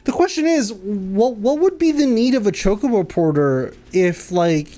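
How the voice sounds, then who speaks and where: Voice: mid-range voice, expressive, moderate pace, warm tone. A streamer giving casual, chatty let's-play commentary and laughing often. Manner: chatty, laughs often, reads dialogue aloud.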